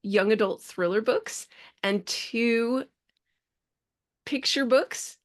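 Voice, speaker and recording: A woman's voice: on the high side, takes it slowly. A woman hosting a podcast, talking in a chatty, enthusiastic way with frequent restarts. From Bay Area, California. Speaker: podcast host. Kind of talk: casual interview.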